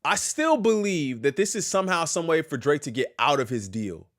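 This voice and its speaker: A young man hosting a hip-hop news reaction stream, casual and slangy, breaking into loud outbursts and quick asides to his chat. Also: on the high side, sing-song. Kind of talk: casual live-stream reaction, reading a legal filing aloud.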